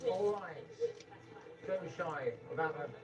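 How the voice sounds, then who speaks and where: Gushing comedian, high-pitched. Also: male voice, measured pace, recorded from a distance. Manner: flamboyant, gushing mock flattery. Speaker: comedic host. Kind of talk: comic banter greeting guests.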